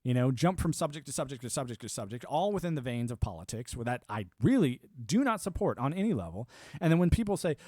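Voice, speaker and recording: A middle-aged man talks into a desk mic at home, and his voice sits at an ordinary middle pitch. He rants bluntly and profanely, rambling from aside to aside. The sound is dry and close, with no room echo. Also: big pitch swings, quick pace, warm tone. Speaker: streamer. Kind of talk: political rant on a livestream.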